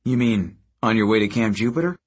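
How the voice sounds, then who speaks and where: A man voicing an awkward teenage boy with a dry, wry manner and a husky voice. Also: on the low side, lively intonation, a little fast.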